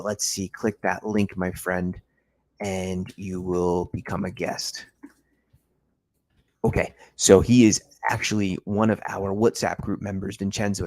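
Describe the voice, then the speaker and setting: A man's voice: deep voice, no echo. A young man hosting a casual post-match football livestream, talking enthusiastically to his viewers. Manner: enthusiastic, talks straight to viewers.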